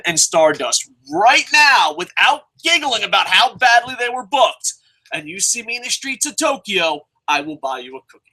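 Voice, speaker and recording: A young man hosting a show, talking in a casual, sarcastic and excitable way with lots of swearing. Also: sits high, rough recording. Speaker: show host reviewing. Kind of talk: casual profane commentary.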